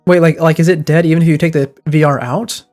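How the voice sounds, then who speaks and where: A man's voice: fairly high pitch, steady tone, fast talker, a little mellow. A man streaming a game from home, chatting and thinking aloud in a rambling, casual way with faint game music in the background. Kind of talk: casual gaming commentary.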